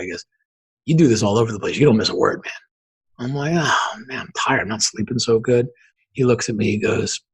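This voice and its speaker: A man in his forties, a podcast guest, telling his story with lively acted-out dialogue. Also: medium pitch, breathy edge, rough recording. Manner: animated storyteller acting out quoted dialogue. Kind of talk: storytelling in an interview.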